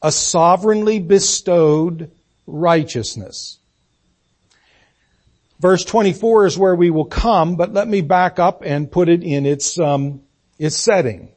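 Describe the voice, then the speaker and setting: Husky older man preaching a folksy sermon. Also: high voice, a little mellow. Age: 60s. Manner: folksy, self-deprecating, halting restarts. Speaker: pastor.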